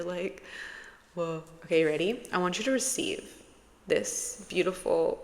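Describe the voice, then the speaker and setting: A woman speaks as a spiritual channeler in a casual message to her viewers. Her voice sits fairly low and she talks slowly and unhurriedly, playful and soothing by turns. A long reverb trails behind her words. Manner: playful and soothing, with laughs and sudden exclaims.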